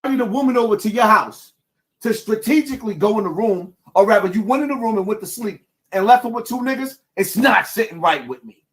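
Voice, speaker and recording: A man's voice: high-pitched, animated, brisk, fairly bright tone. A man questioning someone in a challenging, skeptical way.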